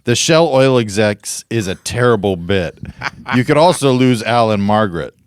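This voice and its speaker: A man co-hosting a podcast, reading listener suggestions haltingly and chuckling at the jokes. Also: on the low side, animated, clear, resonant tone, dry recording, clean studio sound. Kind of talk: casual chat, reading emails aloud. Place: podcast studio.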